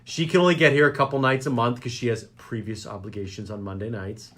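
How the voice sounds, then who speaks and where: A man's voice: mid-range voice, animated, fast talker, fairly bright tone. A man hosting a local radio talk show, joking and rambling. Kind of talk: casual chat show banter.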